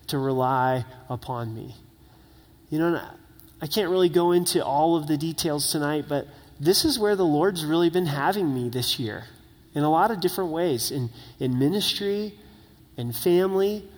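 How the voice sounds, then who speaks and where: A man's voice: fairly high pitch, long reverb tail. A middle-aged man preaching a sermon as pastor, talking in an earnest, conversational way with frequent tag questions.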